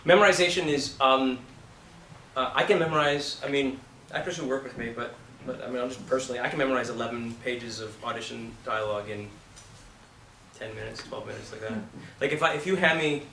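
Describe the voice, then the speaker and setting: Acting coach, blunt and swearing freely, with a sharp forceful voice, recorded from across a roomy classroom. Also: male voice, mid-range voice, brisk, vocal fry, slight background noise. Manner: blunt, profane and emphatic. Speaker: acting teacher. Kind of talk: casual classroom talk. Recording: roomy, from a distance.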